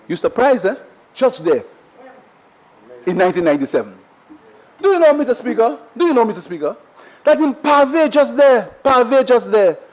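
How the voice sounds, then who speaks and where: In a rough recording, a Saint Lucian man who sits in parliament speaks at an extremely high pitch. His debate speech in the chamber is emphatic and repetitive, and he keeps turning to address the Speaker.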